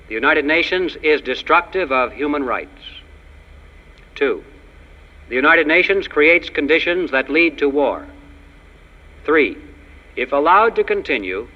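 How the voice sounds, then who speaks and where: A man giving an emphatic, ironic political speech to an audience, with jokes. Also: mid-range voice. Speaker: public speaker. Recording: dull lo-fi archive recording of a speech in a long-reverb hall.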